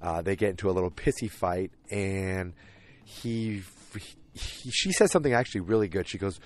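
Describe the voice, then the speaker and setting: This is a man with a somewhat low voice talking casually through a show's plot. He wanders from point to point, filling the gaps with ums and likes and doubling back on his own sentences. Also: moderate pace. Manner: rambling, many fillers and restarts. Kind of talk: casual episode recap.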